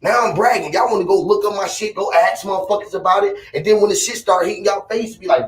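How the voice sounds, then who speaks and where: A man with a fairly high voice rants in a loose, boastful and profane way, circling back on his points. He sits back from the microphone, and the room rings around him. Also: fast talker, hardly any pauses, distant mic. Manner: boastful, profane, rambling and emphatic. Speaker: vlogger. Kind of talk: casual rant to camera. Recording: roomy echo, off-mic.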